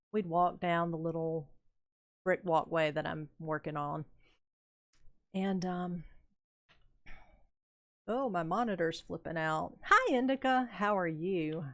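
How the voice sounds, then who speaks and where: An older woman gaming streamer builds in a game and casually reminisces about her younger days. She speaks in a low voice, and her anecdotes wander along at an easy pace, peppered with fillers and laughs.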